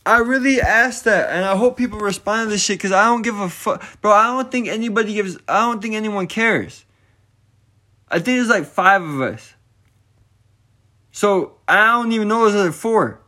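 A young man with a fairly high voice rants casually into the camera. His talk is slangy and full of swearing, and he keeps firing frustrated rhetorical questions at his listeners. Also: normal speed, pushed and bright.

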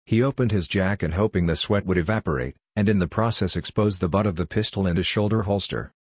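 A man reading a science fiction audiobook in steady, even scripted narration. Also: low-pitched, fast talker, husky, no echo, clean studio sound.

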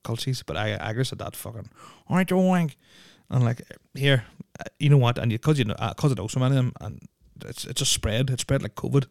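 A young Irish man chats loosely into a close podcast mic, swearing freely and stringing thoughts together with endless fillers. His voice sits at a middling pitch. The sound is dry and close, with no room around it. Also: fast, creaky, hardly any pauses, no room sound. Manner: rambling, swears constantly, heavy use of "like". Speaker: podcast host. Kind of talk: casual podcast chat.

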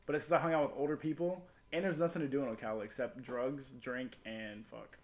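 A man's voice: medium pitch, fairly even intonation, a little fast, a little mellow. Rambling profane male storyteller. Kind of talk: casual podcast chat.

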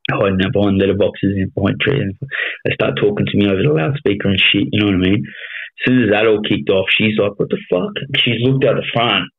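Gruff Australian man, tinny phone-like sound. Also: fairly low pitch, fast talker. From Melbourne, Australia. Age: 30s. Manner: blunt, heavy swearing, frequent "you know what I mean". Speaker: podcast guest. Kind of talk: casual storytelling interview.

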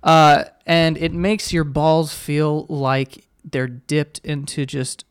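A man's voice: on the high side, little pitch movement, slow, clear, resonant tone. A man hosting a podcast, teasing his guest and swearing often in casual chat. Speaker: podcast host.

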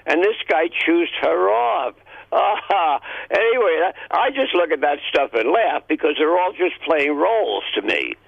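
A man's voice: on the high side, expressive, measured pace, creaky, dry recording, dull audio. An older man, calling in to a radio show and telling rambling stories with lots of laughs. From New York. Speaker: regular caller. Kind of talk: casual radio call-in chat.

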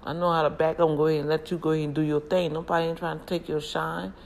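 A woman chatting casually to her viewers, telling family stories in an animated, talkative way with frequent laughs. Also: deep voice, rapid-fire, creaky.

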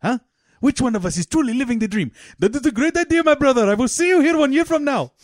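A man's voice: mid-range voice, lively intonation, normal speed, no room sound, clean studio sound, pitched below the performer's own voice, close to an everyday voice. A man putting on the voice of a proud immigrant father who speaks in grand, formal phrases and keeps asking "huh?". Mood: boastful. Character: boastful immigrant father, middle-aged man.

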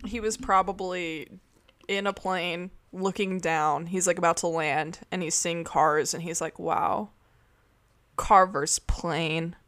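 A woman's voice: lowish voice, unhurried. A young woman co-hosting a casual podcast, playful and giggly, recorded at home over a call. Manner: giggly, playful, lively intonation. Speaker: podcast co-host. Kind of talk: casual chat. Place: dim room at home, surrounded by cords.

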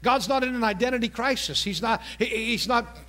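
A man's voice: extremely high pitch, a little fast, sharp tone. A man preaching a sermon in a chatty, joking way, often asking the congregation questions. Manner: conversational, jokey, asks the congregation questions.

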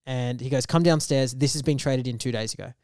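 A young man, co-hosting a podcast and telling a story in lively casual chat, acting out the voices of the people in it. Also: medium pitch, a little fast, no room sound, clean studio sound. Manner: animated storyteller, acts out quoted voices. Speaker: podcast co-host.

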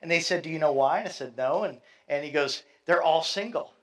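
A man's voice: on the high side, fast talker, rough recording. A middle-aged man preaching a sermon in a conversational way, with fillers and asides, reading scripture aloud. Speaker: pastor.

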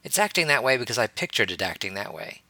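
A man's voice: medium pitch, very animated, quick pace, pushed and bright, dry recording, exaggerated voice. A man voicing a playful, teasing young male wizard teacher, amused as he explains. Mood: teaching.

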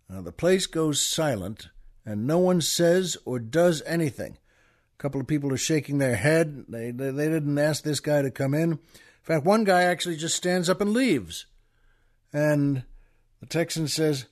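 A man's voice: fairly high pitch, expressive, a little slow. A man hosting a podcast, casually telling a joke as a rambling storyteller with many restarts. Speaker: podcast host.

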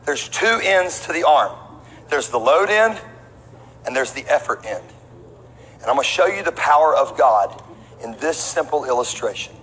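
Animated preacher in a big hall. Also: male voice, fairly high pitch. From Texas. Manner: animated storytelling preacher with call-and-response asides. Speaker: pastor. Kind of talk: sermon. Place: large church auditorium. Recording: long hall reverb with faint room noise.

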